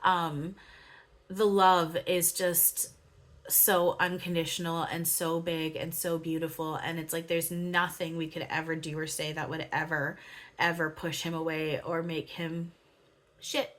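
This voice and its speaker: A woman's voice: sits low, little pitch movement, measured pace, fairly bright tone. A woman channeler talking in a casual, rambling way, with many fillers and frequent giggles. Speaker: spiritual channeler. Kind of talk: casual spiritual monologue.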